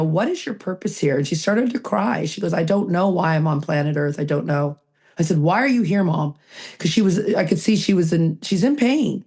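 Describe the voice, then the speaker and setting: Her voice is low and a little mellow as she co-hosts a recovery podcast. Speaking emphatically, she raises rhetorical questions and answers them, recorded on a video call mic.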